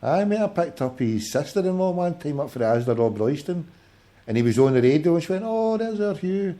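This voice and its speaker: A man's voice: mid-range voice, expressive, quick pace, warm tone. A Glaswegian man in his forties hosting a late-night call-in podcast, swearing freely and bantering combatively. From Scotland. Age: 40s. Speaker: podcast host. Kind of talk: casual call-in chat.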